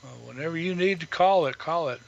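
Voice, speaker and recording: A man's voice: on the high side, a little fast, gravelly, dull audio. A man co-hosting a live stream in casual chat, asking short questions and giving brief agreeing replies.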